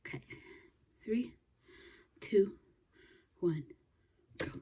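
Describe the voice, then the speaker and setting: A woman hosting a reaction video, chatting to herself and reading text aloud slowly. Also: medium pitch, lively intonation, noisy background. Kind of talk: casual reaction commentary.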